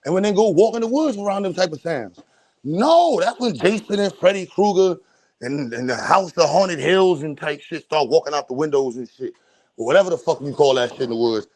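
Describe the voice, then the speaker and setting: A young adult man, hosting a casual livestream rant, loud and profane, streaming from a phone at home. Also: fairly high pitch. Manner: loud, animated, profane storytelling with bursts of laughter. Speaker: stream host. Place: at home, moving between a room and the doorway outside.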